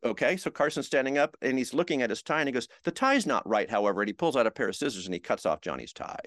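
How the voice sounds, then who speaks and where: An older American man, a veteran TV host, telling showbiz anecdotes in a relaxed interview and acting out the quotes. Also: mid-range voice, rapid-fire, no echo, clean studio sound. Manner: animated anecdotes, acts out quotes. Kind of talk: storytelling chat.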